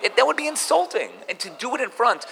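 A man teaching a Torah class in an animated way, mixing in Hebrew terms. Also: very high-pitched, quick pace, creaky, long reverb tail, a little hiss or hum. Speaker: rabbi giving a Torah class.

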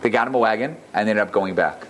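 A man's voice: lowish voice, quick pace, a little hiss or hum. Man telling a Torah class story. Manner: animated, many restarts and asides. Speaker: rabbi teaching a class.

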